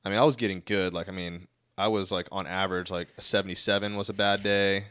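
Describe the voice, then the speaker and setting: A man's voice: sits low, flat delivery, fast, fairly bright tone, clear, resonant tone, no echo. A man co-hosting a podcast in casual chat, teasing and dry-humored, speaking into a podcast mic. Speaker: podcast co-host. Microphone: podcast microphone.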